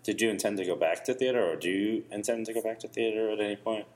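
A man interviewing a guest on a podcast, asking short, halting questions. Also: on the low side, fairly even intonation, a little mellow.

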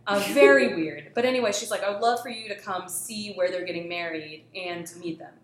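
A woman's voice: medium pitch, fairly quick. Woman guest, chatty storyteller, lots of "like" and restarts, roomy echo with faint hiss. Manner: rambling storyteller, many fillers and restarts. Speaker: guest telling a work story. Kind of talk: casual podcast chat.

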